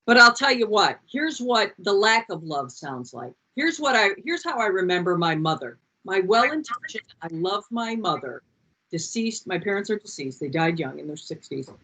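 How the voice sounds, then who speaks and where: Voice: medium pitch, lively intonation, normal speed, sharp tone, husky, rough recording. An adult leading a group session in a heartfelt motivational talk, passionate and repeating key phrases, over a video call.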